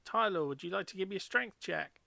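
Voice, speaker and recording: Bright-voiced male game master. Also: high voice, lively intonation, a little fast, gravelly, dry recording. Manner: hesitant, many ums while describing scenes. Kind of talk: narrating a tabletop game.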